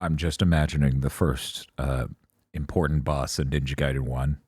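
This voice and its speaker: A man co-hosting a casual gaming podcast, joking and animated, swearing now and then. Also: rumbling low, moderate pace, slightly rough, no echo, clean studio sound. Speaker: podcast co-host. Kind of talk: casual chat.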